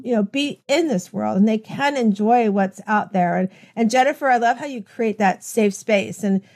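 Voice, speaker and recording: A woman's voice: fairly high pitch, moderate pace, darkish tone. A woman hosting a podcast interview, talking with enthusiasm in long rambling stretches full of restarts. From United States. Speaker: podcast host. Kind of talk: conversational interview.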